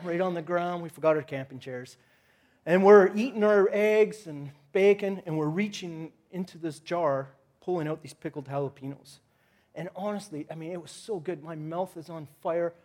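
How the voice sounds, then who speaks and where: A man preaching a sermon, opening with a lively personal story and acting out his own cries. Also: high voice, normal speed. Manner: animated storytelling, acts out his own shouting. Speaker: pastor.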